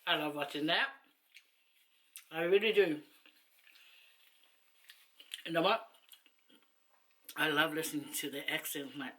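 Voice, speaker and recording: A woman's voice: low-pitched, measured pace, long pauses, fairly bright tone. A woman chatting casually to camera while eating, rambling and laughing between asides. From New Zealand. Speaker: mukbang vlogger.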